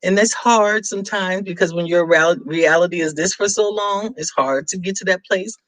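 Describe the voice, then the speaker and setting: A woman's voice: on the low side, lively intonation, moderate pace, no echo. A chatty, teasing middle-aged woman hosting a live stream and reading viewer comments aloud. Her close, dry voice sits right against the mic with no room sound, and she laughs often between remarks.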